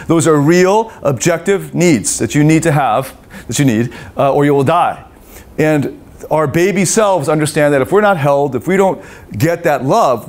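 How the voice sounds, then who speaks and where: Swearing freely, a middle-aged relationship coach in a live seminar imitates babies and parents in character voices. His own voice is a little high.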